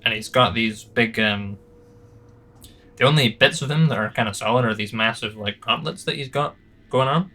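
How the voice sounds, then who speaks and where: A man's voice: medium pitch, moderate pace, pushed and bright. A man narrating as game master in a tabletop game, rambling with many fillers and restarts. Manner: rambling, hesitant, lots of fillers.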